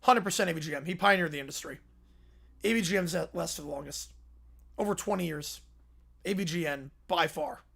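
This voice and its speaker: A man's voice: on the high side, brisk, gravelly, pauses often, a bit bright. A man hosting a livestream, chatting casually and rambling as he reacts to videos, chuckling now and then. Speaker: livestream host.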